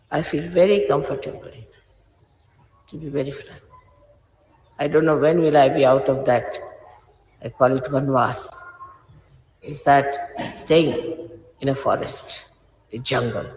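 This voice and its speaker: A woman's voice: a bass voice, unhurried, pauses often, darkish tone. A woman, a spiritual teacher, gives an informal, emphatic sermon, admonishing her followers. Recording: echoey hall with faint hiss.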